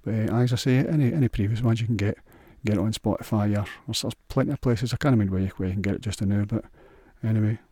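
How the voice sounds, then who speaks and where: A man's voice: fairly low pitch, quick pace, few pauses, dark tone, no room sound, studio quality. A man with a Scottish accent hosting a solo podcast, rambling in a crude, sweary, offhand way. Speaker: podcast host.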